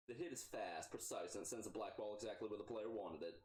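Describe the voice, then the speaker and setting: Low-voiced man reading a game, echoey. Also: fairly quick, few pauses, a little mellow. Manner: self-mocking asides. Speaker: let's play narrator. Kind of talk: reading a game's text aloud with jokes. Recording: echoey room.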